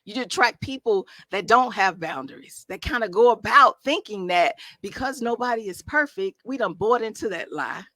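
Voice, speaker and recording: Bright, emphatic woman life coach. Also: mid-range voice, lively intonation, moderate pace, hardly any pauses, dry recording. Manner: emphatic, preacher-like delivery with rhetorical questions; colloquial, conversational phrasing. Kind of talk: motivational talk to a live audience.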